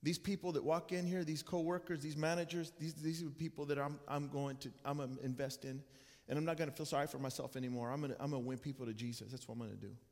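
A man's voice: a little high, steady tone, fast talker, a little mellow. A male pastor preaching a sermon, telling a personal story in an earnest, conversational way with frequent restarts. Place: church sanctuary. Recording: long church hall reverb.

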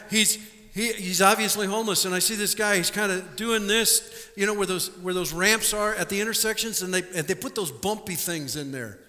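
A male pastor preaching a lively sermon to his congregation, stumbling over repeated words and asking the room questions. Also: sits high. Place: church sanctuary. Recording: live church recording with long hall reverb.

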